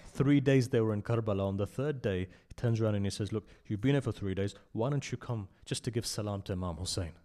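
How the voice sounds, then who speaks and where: A man giving an impassioned sermon at a memorial gathering, telling a story and swinging between loud emphasis and hushed asides. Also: fairly low pitch, quick pace, hardly any pauses. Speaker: speaker at a memorial majlis.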